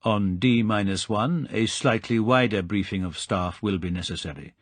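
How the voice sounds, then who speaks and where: A calculating villain, read by a man in an audiobook who speaks low and slow with quiet menace. The voice is husky and deep, and it sits close and dry. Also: dry recording, lightly acted. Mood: cold. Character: cold, calculating villainous tycoon, male.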